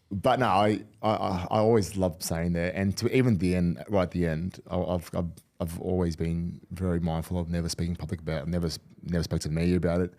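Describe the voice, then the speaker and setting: With a deep, darkish voice, a middle-aged man who retired from rugby league rambles candidly through stories on a podcast, often starting over. It's a casual storytelling interview.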